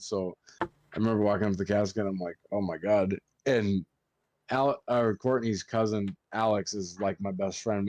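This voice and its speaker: Low-voiced man telling blunt stories. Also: a little mellow, no room sound. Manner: swears a lot while telling stories. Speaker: podcast host, funeral director. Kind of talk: casual podcast chat.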